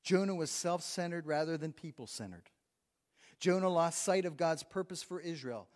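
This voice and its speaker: A man with a slightly high voice and lively intonation preaches a sermon conversationally at normal speed. He reads scripture aloud between his own remarks, and the recording carries the long reverb of a large hall.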